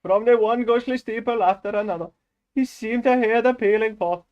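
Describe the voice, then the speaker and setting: A theatrical, sing-song Indian English accent, which a man puts on to read prose aloud. It sits noticeably higher and louder than his everyday voice. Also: moderate pace, dull audio, close to an everyday voice. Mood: playful. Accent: put-on Indian English. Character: man reading narration in a put-on Indian accent.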